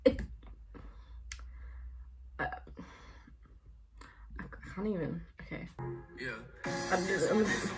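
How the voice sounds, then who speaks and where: A woman's voice: medium pitch, very animated, slow pace, pauses often. A woman singer chatting casually and poking fun at herself, laughing often. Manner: self-mocking, giggly, chatty. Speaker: singer doing a cover. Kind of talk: casual chat. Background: backing music.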